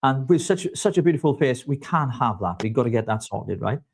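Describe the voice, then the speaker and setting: A man hosting a live online chat show. He talks casually and jokes around, flattering his co-host as he goes. His voice sits at an ordinary middle pitch. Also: fairly quick, slightly rough. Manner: chatty, jokey, flattering.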